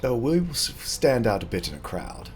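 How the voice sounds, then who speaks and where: A man's voice: medium pitch, very animated, normal speed, slight background noise, lightly acted. A man voicing a poised, flirtatious noblewoman with a silky, courtly manner.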